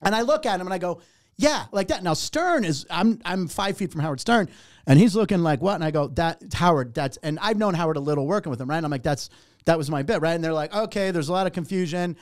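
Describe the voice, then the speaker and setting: Animated storytelling comedian, higher-pitched man. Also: quick pace, no echo, studio quality. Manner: animated, profane, acts out other voices in anecdotes. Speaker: comedian and warm-up host. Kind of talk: casual storytelling.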